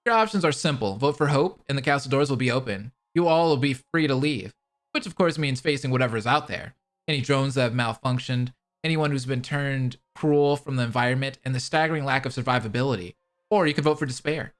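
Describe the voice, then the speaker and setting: A man's voice: mid-range voice, close to an everyday voice. A man playing a taunting mastermind of despair. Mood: menacing. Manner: taunting, contemptuous, slow and menacing. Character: cold scheming male mastermind of despair. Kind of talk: fan voice drama.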